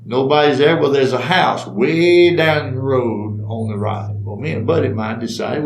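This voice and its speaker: There's vocal fry in this older man's medium-pitched voice as he speaks at normal speed with few pauses, in a reverberant recording with slight background noise. Folksy and amused, he acts out the voices in his humorous personal stories and laughs at them himself.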